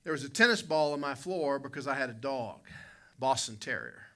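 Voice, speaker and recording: A man's voice: medium pitch, expressive, moderate pace, pushed and bright. A male pastor, preaching a sermon with folksy, dramatic storytelling and calling out to people in the congregation. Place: church conference hall.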